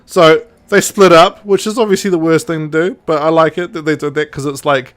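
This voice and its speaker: A podcast host with a higher male voice talks at a fairly quick clip, retelling a story in casual chat. He's chatty and animated, acting out quoted lines and laughing as he goes.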